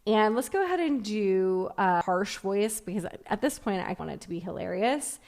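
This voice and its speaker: A young woman narrates a screen-recorded software walkthrough in a chatty, upbeat way. She thinks aloud as she clicks, with a pitch that sits in the middle for a woman. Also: lively intonation, normal speed. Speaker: tech reviewer.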